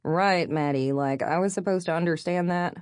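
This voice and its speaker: A woman reading as a wry young woman with a joking edge, slowing into lazy drawn-out words. The voice sits close and dry, in a low register. She sounds easygoing and playful. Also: darkish tone, no room sound, lightly acted. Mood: groggy.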